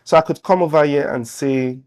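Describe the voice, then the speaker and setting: A man's voice: a little high, a little fast. A man teaching a web development lesson, talking through code as he types it on screen. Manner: relaxed, thinking aloud while typing. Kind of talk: screen-share coding tutorial.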